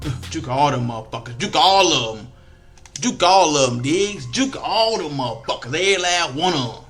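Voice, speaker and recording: Bright-voiced young man ranting over a game. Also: fairly high pitch, normal speed, soft background music. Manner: frustrated, animated, swears a lot, African American Vernacular English speech patterns. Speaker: video game streamer. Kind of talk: casual gameplay commentary.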